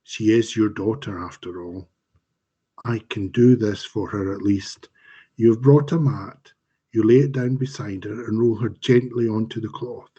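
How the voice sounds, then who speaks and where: A man, the author, reading his dark fantasy fiction aloud in a slow, measured, dramatic way, over a home mic on a live stream. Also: fairly low pitch, breathy edge, lo-fi sound.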